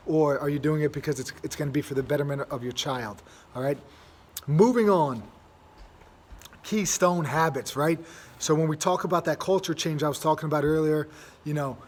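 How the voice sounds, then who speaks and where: Chatty young man, slightly high voice. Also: a little mellow. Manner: rambling, many fillers and restarts. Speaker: host. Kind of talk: casual monologue.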